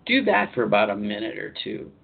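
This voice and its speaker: A man working as a spiritual life coach, hosting a live online talk show in a chatty, repetitive way with lively emphasis. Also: lowish voice, fairly quick, gravelly, husky, narrow, tinny audio.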